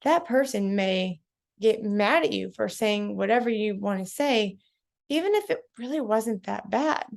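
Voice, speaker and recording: A woman's voice: mid-range voice, animated, unhurried, vocal fry. A woman talking to camera in a casual, direct way, giving advice from her own experience. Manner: direct, conversational, self-reflective. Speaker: vlogger.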